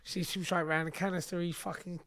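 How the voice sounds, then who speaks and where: High, bright man telling a story. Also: little pitch movement. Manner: blunt, sweary, fast and rambling with restarts. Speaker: guest. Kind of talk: casual storytelling interview.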